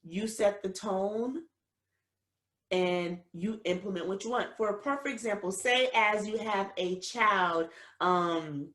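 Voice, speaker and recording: A woman's voice: medium pitch, slow, fairly bright tone. Emphatic woman podcaster in a roomy space. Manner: emphatic, preachy, talks straight to parents. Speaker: podcast host. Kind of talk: casual advice podcast. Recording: roomy echo.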